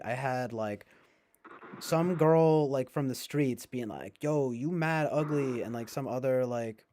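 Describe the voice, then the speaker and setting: A man's voice: mid-range voice, a little mellow. A man rambling to his viewers in casual chat, sarcastic, swearing and laughing often. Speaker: streamer.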